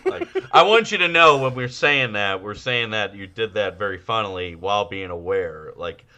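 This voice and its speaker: A man co-hosting a casual podcast, laughing often and breaking into loud, high-pitched impressions. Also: animated, normal speed. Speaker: podcast co-host.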